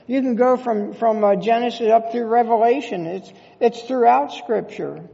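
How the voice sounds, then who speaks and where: A pastor preaching a sermon in a church sanctuary, speaking earnestly with halting restarts. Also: mid-range voice, gravelly, warm tone, big-room sound, highs cut off.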